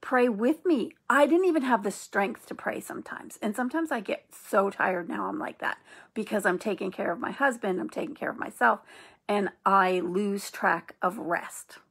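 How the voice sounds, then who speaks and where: A middle-aged woman with a gravelly, husky voice gives earnest spiritual encouragement. She talks gently and reassuringly, in an even middle pitch. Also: moderate pace. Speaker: host of an inspirational channel.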